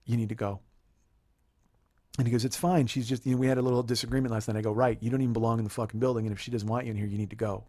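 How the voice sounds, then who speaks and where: A man's voice: mid-range voice, little pitch movement, racing, a little mellow, dry recording. A man in his forties, a comedian host telling a heated, profane story and acting out the dialogue.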